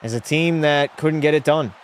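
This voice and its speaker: A man's voice: on the high side, moderate pace. A young man live-streaming a hockey video game, chatting with viewers and giving blunt, opinionated takes. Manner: opinionated, blunt, reads chat aloud. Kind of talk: casual live-stream chat. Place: home room.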